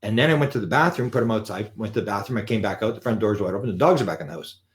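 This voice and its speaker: A man telling an anecdote in a live talk, animated and acting out the quotes. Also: on the low side, very fast. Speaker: lecturer on UFOs.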